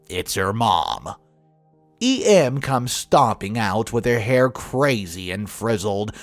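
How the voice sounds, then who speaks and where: A man narrating a family drama story in a scripted, expressive way, swinging between flat and emphatic delivery. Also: mid-range voice, no echo.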